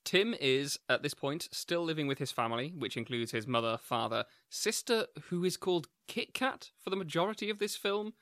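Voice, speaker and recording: A man recapping a film's story for a podcast in a steady, lightly wry way. His voice is bright and forward, and the recording is dry and close with no room sound. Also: fairly high pitch, moderate pace, hardly any pauses, dry recording. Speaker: podcast co-host. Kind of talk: plot recap for a film podcast.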